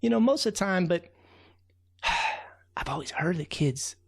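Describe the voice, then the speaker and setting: A man voicing tiny, cheerful ants in a children's story, with a squeaky, eager delivery. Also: animated, measured pace, gravelly, breathy edge, exaggerated voice.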